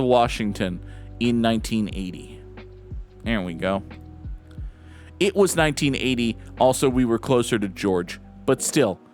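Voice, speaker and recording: A man hosting a gaming channel, rambling through casual let's-play commentary with jokes and mock-outraged swearing. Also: medium pitch.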